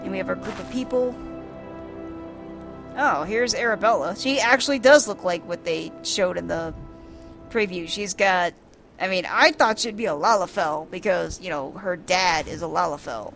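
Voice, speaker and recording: A woman's voice: lowish voice, moderate pace, a bit bright. A woman casually describing a game's scenes aloud for blind viewers, chatty and descriptive with amused asides. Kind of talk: casual descriptive gameplay commentary. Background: faint game music.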